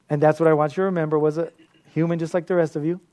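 A man preaching a sermon as a pastor, telling stories in an animated way and laughing often. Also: fairly high pitch. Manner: animated storytelling with frequent laughter.

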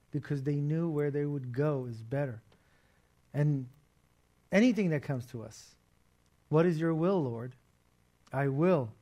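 A man's voice: on the high side, a little mellow. A man preaching a sermon to a congregation and online viewers, talking in a conversational, emphatic way. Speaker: pastor.

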